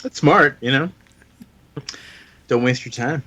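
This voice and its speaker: A man's voice: medium pitch, slow pace, sharp tone, slightly rough. Rambling man chatting about comics. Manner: rambling, laughs often, lots of fillers. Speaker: podcast co-host. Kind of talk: casual comics chat.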